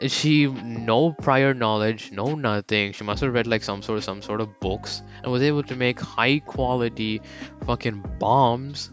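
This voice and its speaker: A man's voice: mid-range voice, a little slow, muffled recording, soft background music. A young man casually narrating a fan story, slangy and rambling.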